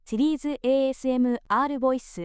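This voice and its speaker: A woman's voice: high-pitched, fairly even intonation, slow pace, a little mellow, clean tone, no echo, clean studio sound. A synthetic female text-to-speech voice reading out typed chat messages word for word, spelling some letters out one by one.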